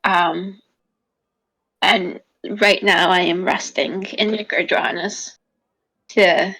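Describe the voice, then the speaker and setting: A woman voicing a young adventurer reading a letter home, hesitant and full of pauses. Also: lowish voice, fairly even intonation, bright, forceful tone, full character voice, rough recording. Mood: earnest. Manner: hesitant, with many ums.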